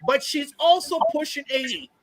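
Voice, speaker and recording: A man hosting a casual panel chat on a video call, telling stories in an animated, gushing way. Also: very high voice, moderate pace, background noise. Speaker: host.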